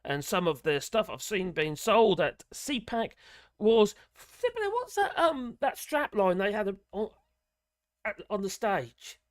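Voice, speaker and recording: A man's voice: high voice, sing-song, unhurried, no room sound, clean studio sound. A man hosting a live politics stream, rambling and blunt, swearing freely and chuckling as he talks. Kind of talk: casual live-stream commentary.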